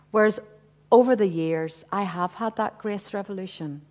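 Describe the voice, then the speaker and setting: A woman's voice: mid-range voice, normal speed, a little mellow. A woman in her fifties sharing a personal testimony with a church congregation, earnest and conversational, with frequent asides. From Northern Ireland. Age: 50s. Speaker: church speaker. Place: church hall.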